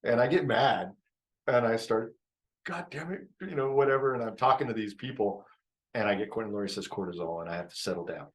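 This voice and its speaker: A man with a fairly low voice gives a relaxed live-stream talk on relationships. He is reflective, often repeats his phrases, and laughs easily as he explains things. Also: a little fast, low-quality recording. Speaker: relationship coach.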